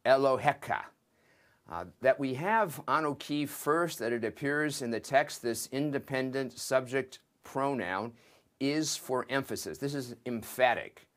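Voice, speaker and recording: An older man, a seminary professor, giving a slow and methodical lesson that works through a Hebrew scripture text word by word. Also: medium pitch, a bit bright.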